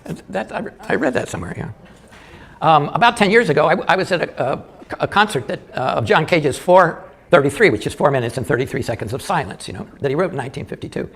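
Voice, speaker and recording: An older man doing live stand-up comedy, telling jokes in a halting way with many restarts and small chuckles. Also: on the high side, lively intonation, creaky, a bit bright, slightly rough.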